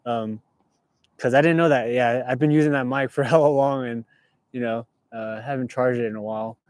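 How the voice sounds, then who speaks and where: A man's voice: mid-range voice, fairly even intonation, moderate pace, a little mellow, no echo. A young man from California chatting casually on a livestream from inside his car, reading viewer comments aloud in a laid-back way. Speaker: livestream host. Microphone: clip-on mic.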